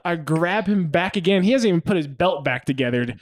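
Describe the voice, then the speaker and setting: A young man tells a rambling anecdote on a podcast, his voice sitting a little high. He laughs often and slips into other people's voices as he quotes them. It sounds like easy, casual chat between friends. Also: a little fast, hardly any pauses. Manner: animated, laughing, acts out quotes. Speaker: podcast co-host.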